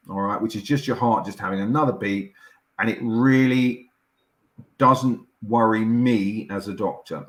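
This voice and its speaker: A middle-aged doctor with a low, steady voice explains things patiently over a video call. He is measured and reassuring, often restarting his sentences. The sound carries a noticeable room echo. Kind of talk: explaining as an interview guest.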